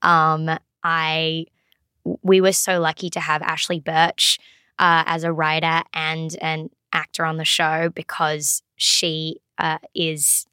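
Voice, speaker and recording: Australian woman, lowish voice, chatty and laughy, dry studio sound. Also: completely flat delivery, sharp tone, clear, resonant tone, no room sound. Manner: chatty, laughs often, quick restarts. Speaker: actor guest. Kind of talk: casual interview chat.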